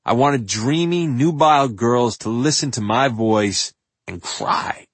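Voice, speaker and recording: An older man from New York reading his own memoir in an animated, profane way, with loud bursts and hushed asides. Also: mid-range voice, slow pace, breathy edge, no room sound. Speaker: memoir narrator. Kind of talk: audiobook memoir narration.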